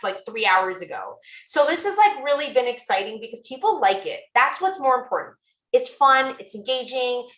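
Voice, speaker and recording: A woman's voice: a little high, a bit bright, echoey room, rough recording. A woman presenting a tool demo over a video call, chatty and gushing, with many fillers. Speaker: guest presenter.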